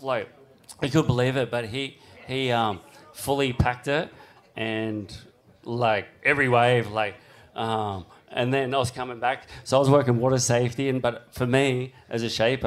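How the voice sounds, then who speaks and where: A man with an Australian accent telling surf stories on a live stage, rambling and full of fillers, his voice jumping high when he acts out shouts. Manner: excitable storyteller, voice climbs high acting out shouts. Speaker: surfboard shaper and guest.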